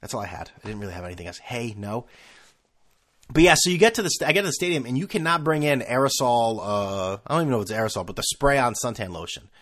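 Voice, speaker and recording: Rambling sarcastic man, lively pitch. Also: racing, few pauses. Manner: rambling, sarcastic, lots of fillers and restarts. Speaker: podcast host. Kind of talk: casual solo podcast monologue.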